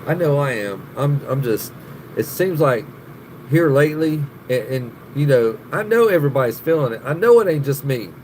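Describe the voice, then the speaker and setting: A man's voice: medium pitch, expressive, moderate pace, darkish tone, slight background noise. A man hosting a live stream, chatting casually with viewers, swearing a lot, laughing often and rambling.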